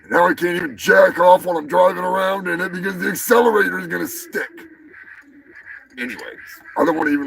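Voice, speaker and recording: A man hosting a comedy news livestream, swearing and ranting with mock anger, swinging between shouts and mutters. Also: sits high, fast, vocal fry, a crowd in the background, rough recording. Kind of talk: crude ranting livestream banter.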